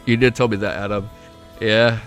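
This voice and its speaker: A young man streaming to his chat, excitable and emotional, swearing often and reading chat messages aloud. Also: lowish voice, normal speed, soft background music. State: emotional, close to tears. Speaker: streamer reacting to a web novel. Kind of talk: casual live-stream chat.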